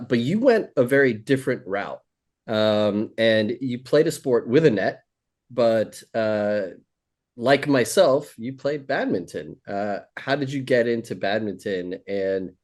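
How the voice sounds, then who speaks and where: A man's voice: medium pitch, darkish tone. A man hosting a casual interview over drinks, friendly and hesitant, with many uhs and restarts. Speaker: podcast host.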